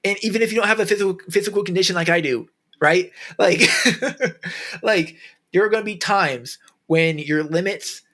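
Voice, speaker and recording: A man's voice: high voice, moderate pace, a bit bright. A man hosting a solo podcast, talking casually and earnestly, rambling with restarts and fillers. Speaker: podcast host.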